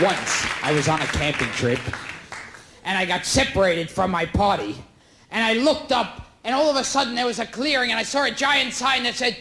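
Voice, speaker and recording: A man performing a stand-up comedy routine in a shrill, shouting delivery. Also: normal speed, crowd noise, noisy background. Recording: echoey live room with audience laughter.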